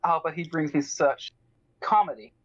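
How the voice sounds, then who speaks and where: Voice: medium pitch, moderate pace, dull audio, close to an everyday voice. A player voicing a courtly noble lady. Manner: formal, courtly diplomacy. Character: noble lady adventurer, poised and formal.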